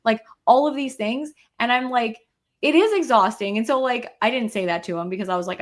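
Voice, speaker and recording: A woman's voice: on the high side, a little fast. A woman co-hosting a podcast over a video call, talking casually and animatedly with frequent fillers. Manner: animated, venting, uses filler "like" often. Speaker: podcast co-host. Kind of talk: casual chat.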